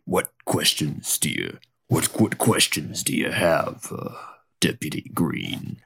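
A man voicing a gravelly male hunter in a tabletop game, using a put-on Southern drawl and a slow, dry, teasing manner. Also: extremely low pitch, big pitch swings, fairly bright tone, full character voice. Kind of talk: tabletop role-play.

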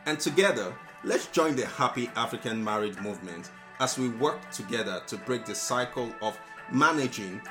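A man's voice: mid-range voice, animated, normal speed, hardly any pauses. A man co-hosting a podcast, reading a scripted outro as an earnest, direct appeal to listeners. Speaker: podcast co-host. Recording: music bed behind voice.

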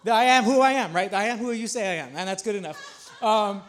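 A man's voice: high voice, brisk, fairly bright tone. A man in his thirties, a pastor preaching a casual, conversational sermon in a small church, repeating phrases as he builds to emphatic points. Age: 30s.

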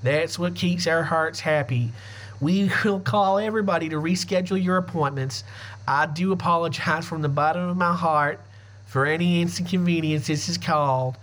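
A gushing small-town pet groomer with a put-on Mississippi drawl, slow and earnest, read by a man who puts her on with a fairly high voice. The lines come out syrupy and apologetic. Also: a bit bright, natural voice.

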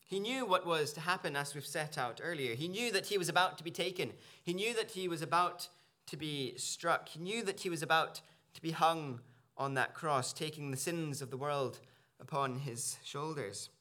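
A man's voice: a little high, moderate pace, sharp tone. A man preaching a sermon in earnest, searching tones, with small restarts as he works through a passage. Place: church.

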